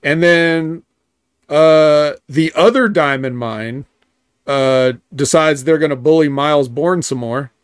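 A man's voice: a little high, takes it slowly, smooth, dry recording. A man co-hosting a wrestling podcast, recapping the shows in a matter-of-fact, sarcastic way. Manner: recaps events matter-of-factly, dry sarcasm. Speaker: podcast co-host.

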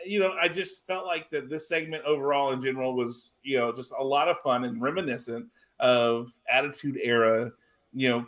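A man's voice: mid-range voice, a bit bright. A man hosting a casual wrestling podcast, rambling and restarting his sentences, swearing freely. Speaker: podcast host.

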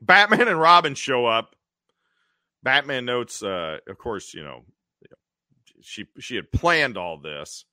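Male podcast co-host, lively and bright, dry close sound. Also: medium pitch, slow pace, pauses often, no room sound. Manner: animated recapping with acted quotes. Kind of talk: casual chat.

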